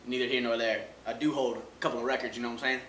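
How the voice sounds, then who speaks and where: A man hosting a comedy show, riffing loudly on sports with mocking asides. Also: medium pitch, level tone, racing, reverberant, slight background noise. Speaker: host.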